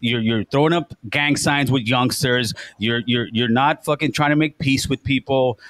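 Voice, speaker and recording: A man's voice: medium pitch, steady tone, normal speed, a bit bright, dry recording. A man hosting a talk show, accusing and profane, repeating himself in a heated argument. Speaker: podcast host. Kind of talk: heated confrontation.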